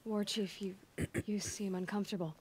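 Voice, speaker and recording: An actress voicing an earnest young heroine. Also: female voice, mid-range voice, fairly even intonation, moderate pace, darkish tone, a little hiss or hum, close to an everyday voice. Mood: concerned.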